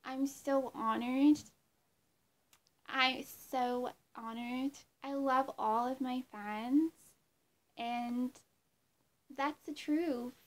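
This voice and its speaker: A woman doing an impression of a bubbly young female pop star, speaking slowly and sweetly. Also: high-pitched, fairly even intonation. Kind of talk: celebrity impression.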